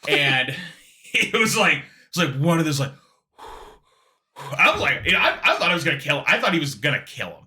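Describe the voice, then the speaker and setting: A man, a comedian guest on a podcast, telling a story in an animated, restless way with quick restarts. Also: fairly high pitch.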